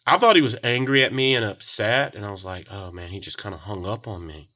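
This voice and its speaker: A man's voice: fairly low pitch, fairly quick, bright, forceful tone. A young adult man, a repair technician, telling a long customer story in a rambling, casual way. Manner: rambling, quotes others in shifting voices. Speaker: golf cart repair technician.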